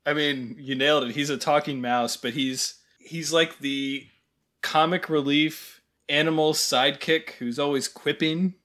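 A man co-hosting a podcast, making wry, deadpan asides about a film, with hesitant restarts. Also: fairly high pitch, unhurried. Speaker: podcast co-host. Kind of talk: casual film review chat.

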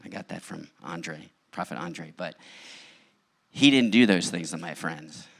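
A man's voice: low voice, animated, a little slow, creaky, a bit bright. A male pastor preaching a sermon, telling his own story in a candid, conversational way. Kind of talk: sermon with personal testimony.

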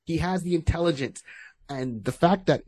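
Here a podcast co-host talks casually and rambles, restarting and wandering into asides. His voice sits fairly high but is darkish and husky, at a normal speed.

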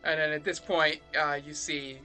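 A man's voice: a little high, little pitch movement, normal speed, sharp tone, faint music behind. A man narrating as game master of a tabletop game, laid-back and amused.

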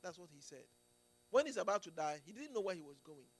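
A man's voice: high voice, sing-song, fast talker. A man preaching a sermon in an emphatic way, often restarting phrases and checking in with the congregation. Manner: emphatic, with frequent restarts and "Amen"s and "Do you get it?".

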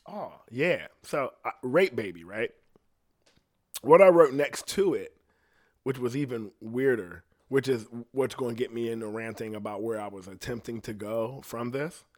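A man's voice: medium pitch, normal speed, a little mellow. A man hosting a podcast, ranting in a rambling, profane casual monologue, a little jittery from coffee. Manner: profane, rambling, quotes others in voices. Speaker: podcast host.

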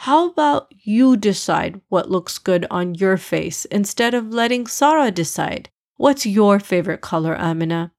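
A woman voicing a gentle, patient father in a storybook reading, speaking in a soft, reassuring way. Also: mid-range voice, expressive, unhurried, creaky, hardly any pauses. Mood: tender.

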